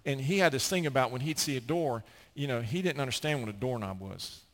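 He's a middle-aged American pastor with a mid-range voice and a fairly quick delivery. His sermon unfolds as lively storytelling, complete with acted-out quotations.

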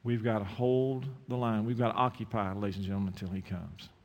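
A man's voice: on the low side, fast talker. Preaching man in a reverberant church. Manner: storytelling, rising to animated emphasis. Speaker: pastor. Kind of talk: sermon with closing prayer. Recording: long hall reverb.

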